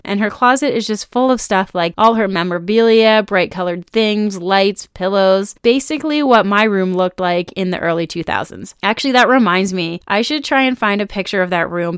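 A woman in her thirties hosting a casual episode recap, chatty and animated, with quick asides and frequent laughter. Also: mid-range voice, clean tone, no room sound, studio quality. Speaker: podcast host recapping a TV episode.

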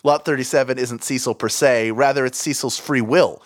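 A man co-hosting a podcast, reading listener mail aloud and joking around with animated, swearing banter. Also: medium pitch, normal speed. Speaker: podcast co-host.

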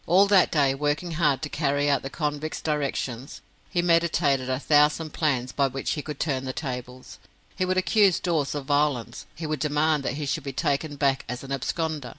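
A man narrating an audiobook in a steady, measured reading. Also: a little high, no echo, poor audio. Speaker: audiobook reader.

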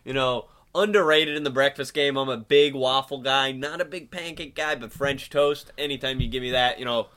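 A man's voice: medium pitch, steady tone, moderate pace, few pauses, pushed and bright. A man co-hosting a podcast, rambling and joking in casual chat, full of fillers. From Southern US. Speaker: podcast co-host.

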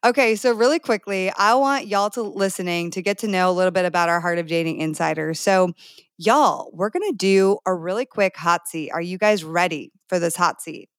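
A woman's voice: lowish voice, moderate pace, dry recording, studio quality. A woman hosting a group podcast chat, bubbly and enthusiastic, cheering her guests on. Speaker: podcast host.

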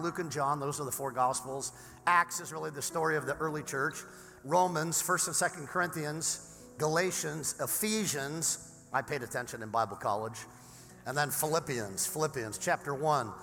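A man preaching a sermon as pastor, hoarse from having lost his voice, with energetic delivery that climbs toward shouting. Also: on the high side, normal speed. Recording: large hall reverb with faint music.

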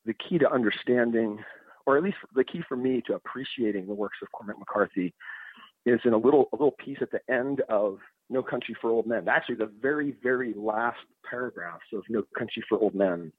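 A man's voice: mid-range voice, brisk, slightly rough, no echo. A man talking casually and thoughtfully about books, with frequent restarts and hesitations. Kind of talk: casual conversation. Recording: dry tinny phone-like sound.

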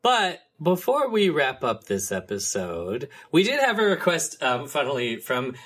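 A man co-hosting a casual podcast, chatty and rambling with a husky edge to his voice. His pitch swoops all over as he talks, and he keeps stopping and restarting his thoughts. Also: huge pitch swings, unhurried, fairly bright tone. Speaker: podcast co-host.

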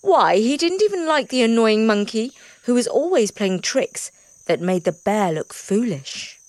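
A woman narrating a children's animal story in an expressive, lively storybook reading. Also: on the high side, a little slow, no echo.

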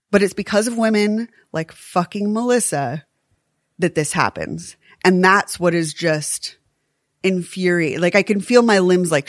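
A woman co-hosts a true crime podcast, speaking earnestly and emphatically and swearing when she gets worked up. Her voice is on the low side, captured in studio quality with no echo.

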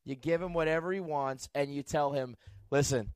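A man's voice: fairly high pitch, brisk, a crowd in the background. A man co-hosting a podcast who riffs playfully and sarcastically in casual chat. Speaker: podcast co-host.

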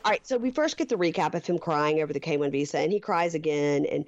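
A woman's voice: sits low, animated, fast talker. A woman co-hosting a podcast, chatting casually and recapping a show with frank, profane remarks. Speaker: podcast co-host. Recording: slightly dull lo-fi sound.

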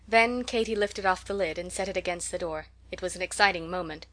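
A woman reading a classic children's novel aloud in a steady, gentle storytelling manner. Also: on the low side, a little fast, hardly any pauses. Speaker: audiobook reader. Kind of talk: scripted narration.

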